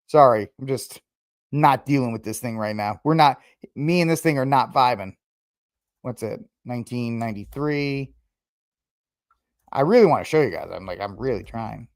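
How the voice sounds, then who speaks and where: A male podcast host offers casual solo commentary, thinking out loud with plenty of fillers and restarts. His medium-pitched voice is expressive at a moderate pace, captured in a dry, clean studio recording.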